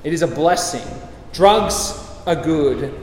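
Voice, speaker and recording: Emphatic preacher in an echoey hall. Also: male voice, on the high side, expressive, slow, darkish tone, slight background noise. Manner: emphatic and repetitive, with light chuckles. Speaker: pastor. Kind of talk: sermon. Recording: echoey hall with faint ambience.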